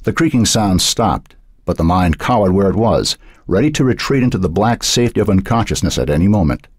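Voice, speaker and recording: A man narrating an audiobook in a dark, suspenseful reading style. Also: sits low, animated, a little fast, husky, no echo. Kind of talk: scripted narration.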